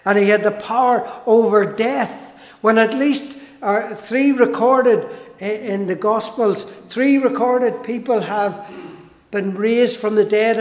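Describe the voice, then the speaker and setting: Slow, high-voiced man preaching in a church. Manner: slow, emphatic preaching with repeated phrases. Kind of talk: sermon. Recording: echoey church hall.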